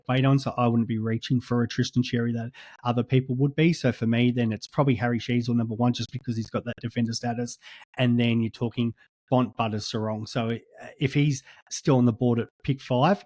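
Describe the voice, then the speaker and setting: A man's voice: medium pitch, a little mellow, dry recording. A man with an Australian accent talking casually as a podcast guest, with frequent ums and restarts. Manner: hesitant, lots of ums and restarts.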